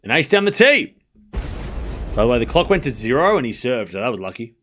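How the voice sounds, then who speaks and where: Excitable man calling tennis live. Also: medium pitch, slight background noise. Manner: excitable, groans and cries out at points; quick play-by-play calling. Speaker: stream host. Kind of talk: live tennis watchalong commentary.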